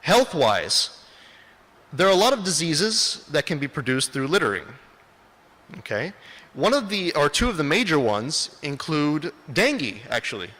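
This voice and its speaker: A man lectures in a bright, lively voice that rises and falls a lot. He keeps asking his audience questions and then answers them. Long reverb from the hall trails after his words. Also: fairly high pitch, a little slow. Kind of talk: lecture presentation.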